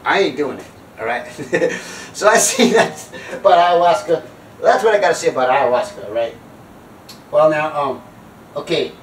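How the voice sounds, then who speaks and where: A man's voice: on the high side, animated, moderate pace, pauses often, reverberant, recorded from a distance, slight background noise, low-quality recording. A man telling a funny story and preaching, acting out other people in squealing voices and laughing at his own jokes. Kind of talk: comic storytelling monologue.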